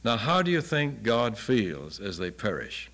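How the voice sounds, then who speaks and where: A man's voice: lowish voice, very animated, a little slow, a bit bright. An older man giving an earnest Bible lecture, asking many rhetorical questions. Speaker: Bible teacher.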